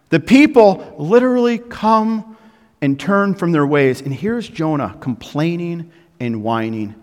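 A pastor giving a sermon to his congregation, building emphasis with frequent pauses. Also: fairly high pitch. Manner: preaching with rising emphasis and pauses, addressing the congregation. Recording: echoey hall with long reverb.

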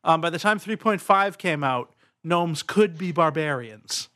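A man's voice: a little high, expressive, unhurried, sharp tone. A man hosting a casual podcast chat and running the game, rambling and easygoing with frequent chuckles.

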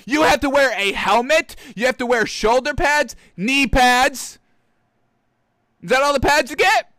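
A man giving solo football commentary, excitably ranting and calling his viewers "folks". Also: very high-pitched, unhurried, no echo. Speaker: sports commentator.

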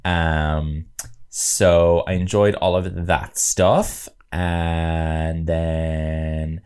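A man's voice: low voice, very slow, smooth. A man co-hosting a podcast, chatting casually about a film, swearing freely and acting out quotes. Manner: animated, swearing, mimics quotes in exaggerated voices. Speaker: podcast co-host.

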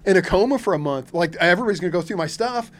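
Animated storytelling man, slightly high voice. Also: very fast. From Kentucky. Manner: animated, laughs often, frequent restarts and filler. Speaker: shark fishing charter captain, podcast guest. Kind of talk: casual storytelling.

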